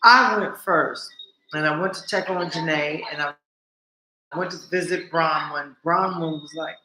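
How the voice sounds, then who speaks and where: Animated vlogging woman in a roomy space. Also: low voice, measured pace. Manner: animated, swears freely, talks straight to viewers. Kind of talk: casual monologue.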